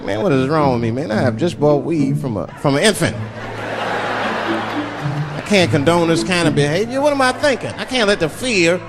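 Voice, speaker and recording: A middle-aged man doing profane, animated stand-up storytelling on stage before a live audience. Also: fairly high pitch, moderate pace, music in the background. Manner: animated, profane, acts out voices. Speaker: stand-up comedian. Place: comedy stage before a crowd. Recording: live club set with loud audience.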